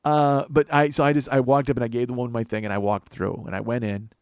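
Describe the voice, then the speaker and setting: Profane, exasperated comedian telling a story. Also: male voice, medium pitch, little pitch movement, fast, clean tone, no room sound. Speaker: comedian, podcast host.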